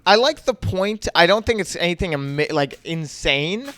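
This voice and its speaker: Man, casual podcast chat, rambling, lots of fillers, smooth clear tone. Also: high-pitched, lively intonation, normal speed, a bit bright. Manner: rambling, many fillers and repeated yeahs. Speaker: comedian podcast co-host.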